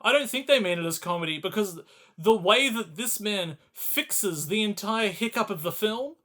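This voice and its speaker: A man co-hosting a podcast in loose, casual chat. His voice sits high and sounds bright and sharp. He is sarcastic, laughs a lot and swears freely. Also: animated, normal speed. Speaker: podcast co-host.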